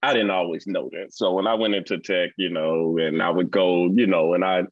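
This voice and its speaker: A blunt man in his forties with a Mississippi accent tells stories in a casual interview, talking fast and animated. The recording is dry with no room sound and a dull, lo-fi tone. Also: sits low, dry recording. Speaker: guest.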